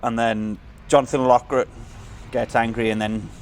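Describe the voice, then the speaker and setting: A man co-hosting a relaxed film podcast, walking through the plot step by step. He hesitates often and pads his sentences with fillers. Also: mid-range voice, normal speed, slight background noise. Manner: hesitant, filler-heavy recapping. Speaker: podcast co-host. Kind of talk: casual chat.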